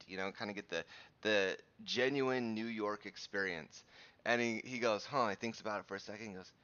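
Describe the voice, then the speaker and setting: A man's voice: fairly low pitch, fairly quick, sharp tone, smooth, dull audio. A man in his thirties hosting a live crypto chart show, chatting casually with viewers and teaching in a rambling way with many restarts.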